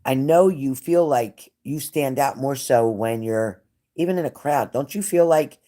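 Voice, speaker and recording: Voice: medium pitch, measured pace, mellow. Chatty, fervent live-stream psychic reader. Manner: chatty, repeats phrases, talks straight to viewers by name. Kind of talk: casual live-stream reading.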